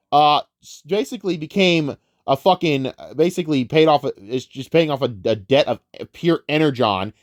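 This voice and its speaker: Profane, animated man ranting about movies. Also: a little high, dry recording, studio quality. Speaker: movie reviewer. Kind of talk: casual film review rant.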